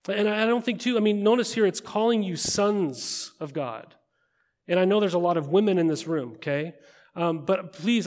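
A man preaching to a gathered room in a slightly high voice, talking as if in conversation and tossing in quick rhetorical questions. His words ring out with a long hall reverb behind them. He sounds like a pastor giving a sermon. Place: large room with an audience.

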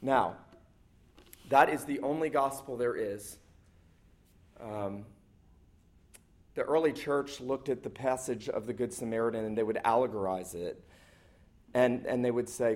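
A man's voice: medium pitch, unhurried, darkish tone. Male pastor giving a sermon at church, earnest, hammers points home in short repeated phrases.

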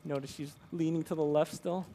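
A man's voice: fairly high pitch, steady tone, brisk, noisy background. A man in his thirties, a pastor telling a personal story in a sermon, earnest and conversational, often checking in with "right?".

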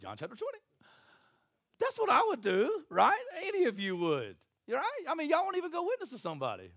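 A man's voice: very high-pitched, wildly swooping pitch, brisk, a bit bright, no echo, studio quality. A man preaching a sermon, folksy and joking, acting out Bible scenes in little voices. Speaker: pastor.

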